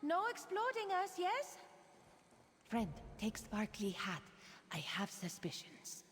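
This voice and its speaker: An actress voicing a gentle, clever cat-folk woman in a game who speaks in clipped phrases without articles. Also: fairly high pitch, wildly swooping pitch, slow pace, in a large hall, full character voice. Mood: playful.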